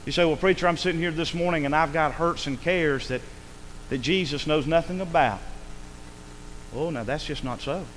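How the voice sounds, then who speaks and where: A man preaching a sermon, swinging between loud calls and hushed asides. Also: fairly high pitch, normal speed, long reverb tail, a little hiss or hum. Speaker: pastor. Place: church sanctuary.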